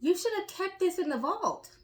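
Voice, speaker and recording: A woman's voice: extremely high pitch, lively intonation, normal speed. A woman hosting a commentary channel, reacting to a clip with blunt, teasing remarks.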